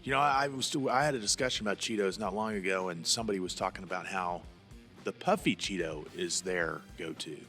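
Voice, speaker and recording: A man's voice: low-pitched, brisk, bright, forceful tone, soft background music. A male podcast host, chatting casually and rambling with frequent restarts. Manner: rambling, repeats words and restarts. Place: studio lounge.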